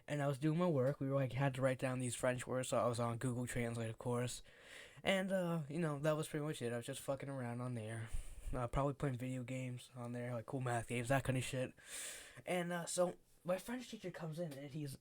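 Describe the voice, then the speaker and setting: A man's voice: mid-range voice, a little mellow. A teenage boy telling a story in a casual vlog, rambling and swearing often, with lots of fillers. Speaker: vlogger.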